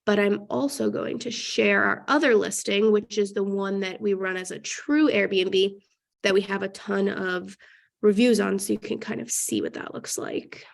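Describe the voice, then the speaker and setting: A woman with a nasal voice, talking fast with many fillers in a casual webinar. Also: medium pitch, fairly even intonation, vocal fry. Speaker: guest real estate investor.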